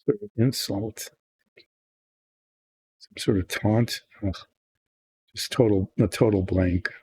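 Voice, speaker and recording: In a low, warm voice with a breathy edge, an older man talks slowly and fairly evenly while painting miniatures. His video chat is casual and rambling, full of meandering, self-deprecating thinking out loud.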